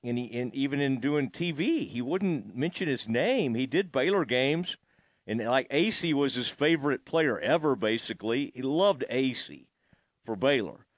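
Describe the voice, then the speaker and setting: A man's voice: medium pitch, lively intonation, moderate pace, dry recording. Brief: male sports host, conversational and reflective, close dry recording. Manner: reflective, thinks aloud while asking. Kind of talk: casual interview chat.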